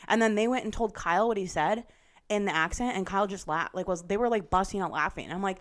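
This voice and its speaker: A young woman co-hosting a chat podcast, retelling reality TV drama in a gossipy, animated way with lots of "like" and swearing. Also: mid-range voice, fast talker. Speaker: podcast co-host. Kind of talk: casual chat.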